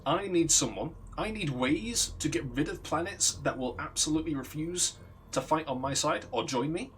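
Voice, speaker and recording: A man voicing a scheming general who makes a persuasive pitch. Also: lively intonation, moderate pace, a bit bright, slight background noise.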